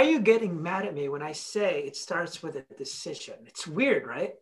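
A motivational speaker talking through stories in a podcast chat. The delivery is blunt and animated, voicing both sides of remembered conversations. Casual swearing runs through it. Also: mid-range voice, normal speed.

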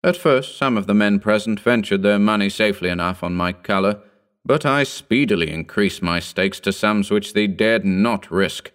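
Low-voiced guy reading an old story, calm and formal. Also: normal speed, smooth. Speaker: narrator. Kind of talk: audiobook reading of a Victorian story.

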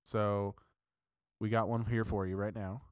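A man with a somewhat low voice co-hosts a casual podcast, pressing his points emphatically and swearing freely. His talk is argumentative but relaxed among friends. The recording is dry, with no room sound. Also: measured pace, clear, resonant tone, dry recording. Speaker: podcast co-host. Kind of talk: casual chat.

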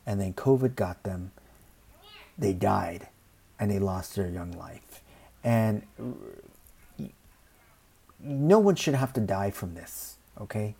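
This commentator's medium-pitched voice is a little mellow. He rambles casually through his views, repeats "you know" often and does quick impressions of other people.

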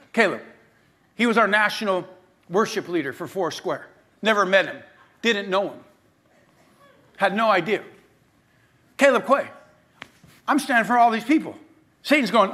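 A middle-aged male pastor preaching a sermon, telling a story with lively energy and acting out the voices of the people in it. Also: very high-pitched, normal speed, long pauses.

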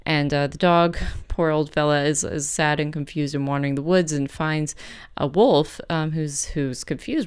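A woman hosting a music program, casually retelling a folk tale between pieces in a chatty, relaxed way. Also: sits low, moderate pace, smooth. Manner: chatty, relaxed, with fillers and self-corrections.

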